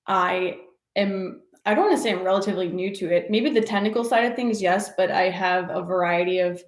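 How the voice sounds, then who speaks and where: A woman's voice: mid-range voice, fairly quick. A woman hosting a casual livestream show and tell, gushing and laughing often as she talks. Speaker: livestream host. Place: home office. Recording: echoey room with faint noise.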